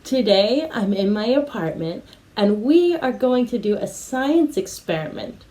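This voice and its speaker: Slow, lively woman teacher. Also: on the high side, poor audio. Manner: slow, with repeat-after-me prompts. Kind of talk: children's English lesson. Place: home apartment.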